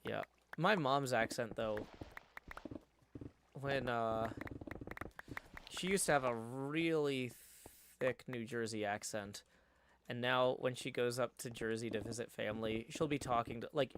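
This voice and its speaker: On a live stream, a man chats casually, reading viewer comments aloud and answering them in a rambling way. His voice is medium-pitched at a normal speed, and there's background noise.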